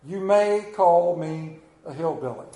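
Middle-aged Appalachian pastor, high-pitched man, joking folksy sermon, roomy church echo. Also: unhurried, dark tone. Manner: folksy, joking storyteller who questions the congregation. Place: church sanctuary.

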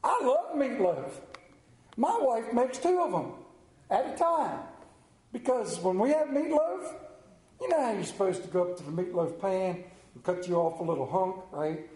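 A pastor's high, sing-song voice carries through an echoey sanctuary at normal speed with a warm tone. His sermon includes a folksy story and questions aimed at the congregation.

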